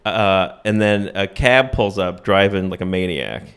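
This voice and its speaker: A man's voice: low-pitched, unhurried, smooth. A middle-aged male comedian hosting a casual podcast, animatedly retelling a movie plot and acting out the characters' lines. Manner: animated storyteller who acts out characters' lines. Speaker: stand-up comedian and host.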